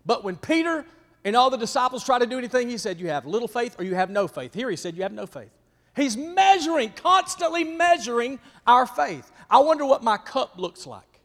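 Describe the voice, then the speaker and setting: High-voiced man preaching in a reverberant hall. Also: sing-song, fast. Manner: preaching with sudden swings from loud emphasis to soft whispers; calls out to listeners by name. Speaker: pastor. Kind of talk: sermon. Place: church.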